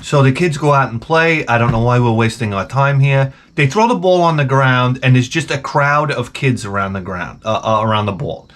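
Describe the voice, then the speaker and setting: A man's voice: mid-range voice, normal speed, hardly any pauses, fairly bright tone, a little hiss or hum. A middle-aged man ranting profanely and animatedly as he tells a comedic story to his camera at home. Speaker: vlogger.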